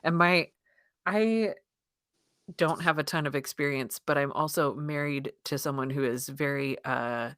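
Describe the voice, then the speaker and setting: A woman's voice: deep voice, measured pace, fairly bright tone, no echo, studio quality. A woman in her thirties co-hosting a podcast, chatting casually and telling stories with frequent laughter. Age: 30s. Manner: chatty storyteller, laughs often. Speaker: podcast co-host. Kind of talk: casual chat.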